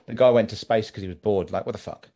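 A man, a streamer guest in a casual podcast conversation, talking in an animated way, swearing freely and restarting his sentences. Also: on the low side, fast.

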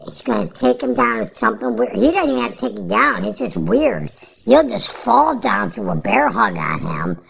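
Gravelly, husky woman rambling about fight picks. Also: fairly high pitch, big pitch swings, moderate pace, muffled recording. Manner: rambling, blunt, offhand and profane. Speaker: podcast host. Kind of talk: casual fantasy sports picks commentary.

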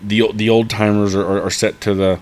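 A man who works as a heavy equipment operator, talking as a podcast guest in a halting way full of restarts. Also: on the low side, little pitch movement, darkish tone. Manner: halting, many restarts and repeated words. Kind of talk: casual conversation.

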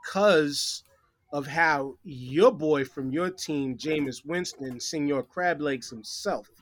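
A man's voice: on the high side, takes it slowly. A man talking as a podcast guest, opinionated and profane, explaining his view at length. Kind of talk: casual sports chat.

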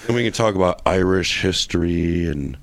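A man's voice: deep voice, normal speed, dry recording. A man chatting loosely as a podcast guest, profane and full of restarts. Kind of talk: casual podcast chat.

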